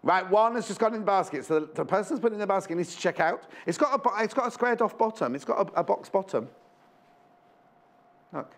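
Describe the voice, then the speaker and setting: This man's voice is high and lively in intonation, and he talks fairly quickly. Presenting a live sales pitch in a TV studio, he rambles chattily, ticks down the stock count, and fixes his own slips as he goes.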